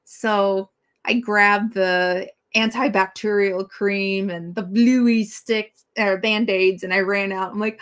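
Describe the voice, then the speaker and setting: A woman's voice: medium pitch, steady tone, takes it slowly, a bit bright, clear, resonant tone. Chatty middle-aged woman hosting a live stream. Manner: rambling and chatty, many fillers, greeting viewers by name. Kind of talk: casual live-stream chat.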